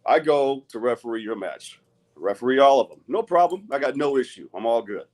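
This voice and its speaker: A man's voice: medium pitch, animated, brisk. A middle-aged man, an arm wrestler, speaking bluntly and with a lot of swearing in a heated live-stream rant. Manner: profane, blunt and agitated.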